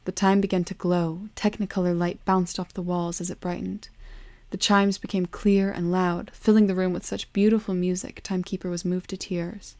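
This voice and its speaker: Calm woman storyteller, low even delivery, dry close sound. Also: moderate pace, no echo. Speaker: narrator. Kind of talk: storybook narration.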